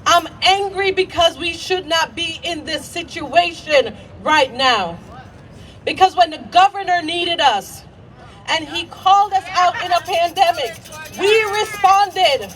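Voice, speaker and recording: A woman's voice: extremely high pitch, a little slow, fairly bright tone. A childcare provider speaking at an outdoor rally, angry and shaking, repeating her points and leading the crowd in chants. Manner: angry, repeats lines and leads call-and-response chants. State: shaking with anger. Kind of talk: impassioned rally speech. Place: outdoor rally on a city green. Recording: outdoor crowd recording from a distance.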